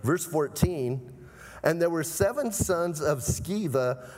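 A man with a somewhat high voice preaches an emphatic sermon, breaking in again and again to tell the room to listen. His words ring out with a long reverb, as in a large church hall. He is a pastor from Arizona. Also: lively intonation, takes it slowly, darkish tone. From Arizona, USA. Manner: emphatic, repeatedly urging "listen".

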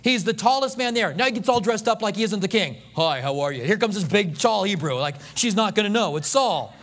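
Male pastor, high-pitched, animated sermon storyteller with comic asides. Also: a little fast. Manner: animated storytelling, acting out scripture voices with humor.

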